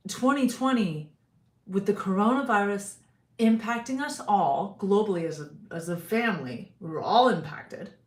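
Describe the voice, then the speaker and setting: A woman talks loosely to her livestream viewers, rambling from one thought to the next and greeting people by name. Her voice sits at a middle pitch, and the room gives a noticeable echo. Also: a bit bright. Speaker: singer and YouTuber hosting a livestream. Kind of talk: casual livestream chat.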